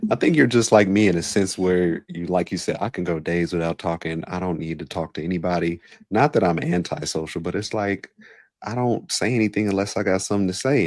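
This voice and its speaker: A man hosting a podcast interview, musing in an unhurried, reflective way. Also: low-pitched, darkish tone, dry recording, studio quality. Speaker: podcast host, coach. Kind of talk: casual interview chat.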